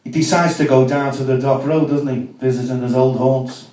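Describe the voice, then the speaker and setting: A man's voice: medium pitch, fairly even intonation, fairly quick, darkish tone. A man doing a cheeky, chatty stand-up set at a comedy club, with asides to the crowd. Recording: echoey room, mic from far off.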